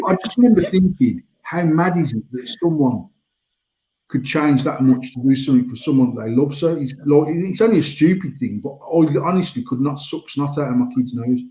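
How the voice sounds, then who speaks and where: A man's voice: a little high, normal speed, mellow, echoey room, rough recording. A British man in his forties telling rambling stories in casual banter, swearing freely. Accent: British English. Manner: rambling storytelling, frequent swearing. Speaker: podcast host.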